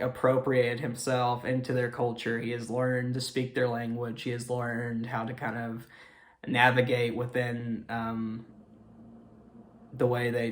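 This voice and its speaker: Speaking at a medium pitch, a young host reviews a movie casually, wandering off track, filling gaps with fillers, and apologizing as he corrects himself.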